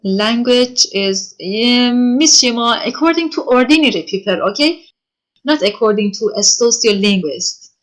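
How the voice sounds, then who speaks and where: A woman lecturer giving an online class, answering written questions from students and speaking haltingly with frequent pauses and self-corrections. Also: fairly high pitch, animated. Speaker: university lecturer.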